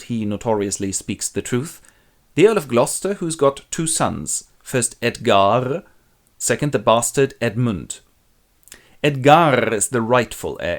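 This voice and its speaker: A man telling a classic play as comedy with toy figures, in a wry, deadpan way. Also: mid-range voice. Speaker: presenter retelling a play. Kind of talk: comic storytelling with toy figures.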